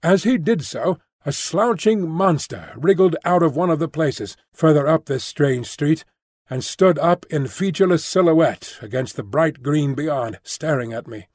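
A man reading a classic novel aloud as an audiobook narrator, in a measured, descriptive way. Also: a little high, lively intonation, a little mellow, no echo, clean studio sound. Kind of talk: scripted narration.

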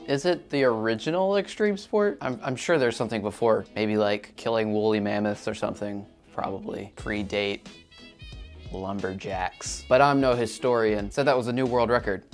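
A man's voice: on the low side, fairly even intonation, normal speed, faint music behind. A man hosting a video-reaction show, joking, laughing often and poking fun at himself. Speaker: YouTube host reacting to videos. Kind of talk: casual reaction commentary. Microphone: shotgun or lav mic.

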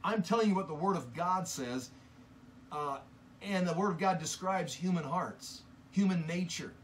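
A man teaching from the Bible in an earnest, impassioned sermon, often halting and restarting mid-sentence. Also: sits high, a little hiss or hum.

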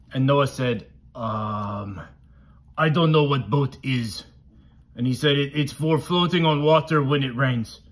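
A man's voice: medium pitch, natural voice. A man voicing a friendly male monster puppet who tells a Bible story to a child in broken, simple grammar.

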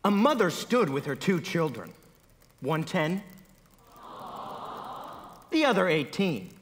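A man's voice: on the high side, big pitch swings, slow, long reverb tail, slight background noise. A man narrating a comedy sketch on stage in a mock-dramatic tone, correcting himself as he goes. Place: theater stage.

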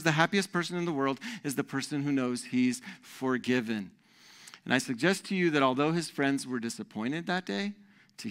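A man preaching a sermon as pastor, animated and conversational, often repeating words as he goes. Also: medium pitch.

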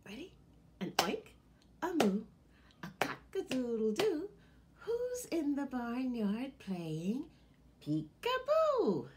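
A woman librarian leading a children's storytime and sing-along, animated and talking to her listeners as friends. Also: high-pitched, slow, noisy background.

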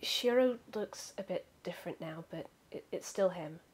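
A woman's voice: on the low side, normal speed, a little hiss or hum. A woman playing a tabletop role-playing game over a voice call, stammering and hesitant as she speaks for her character. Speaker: player. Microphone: computer mic on a voice call.

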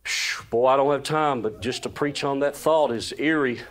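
With a mid-range voice at a moderate pace, a man preaches an animated, folksy sermon full of exclamations. Sometimes he goes quiet and hushed to share a story.

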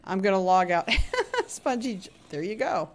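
A woman streams her gameplay live, with a voice of ordinary pitch for a woman. She chats nonstop, swinging between hushed nervous asides and loud, cheery shout-outs to viewers. Quick laughs and hummed sound effects run through her talk. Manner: chatty and expressive, hums little sound effects while playing. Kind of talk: live gameplay commentary with chat greetings.

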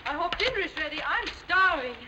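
An actress playing a young woman in love in a 1930s film, eager and teasing, soft-spoken in quiet moments. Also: very high voice, animated, a little fast, noisy background. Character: wide-eyed young woman skater in love.

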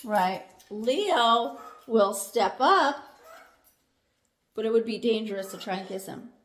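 Woman with lively, slow-paced talk. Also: fairly high pitch. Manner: affectionate, explanatory, teasing questions. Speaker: parrot owner and channel host. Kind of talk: casual explaining to camera and a guest. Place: indoor bird room at home.

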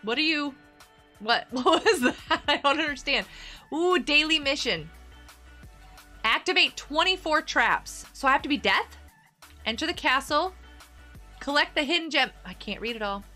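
A woman's voice: sits high, animated, normal speed, pauses often, sharp tone, soft background music. A woman streaming a game live, chatting with her viewers in a bubbly, giggly way. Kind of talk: casual live-stream chatter while gaming.

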